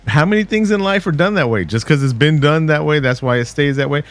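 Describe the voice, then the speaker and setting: A man's voice: on the high side, quick pace, faint music behind. A man hosting a casual movie podcast, joking and telling stories to his co-hosts. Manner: joking, storytelling, addresses listeners as y'all. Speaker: podcast host.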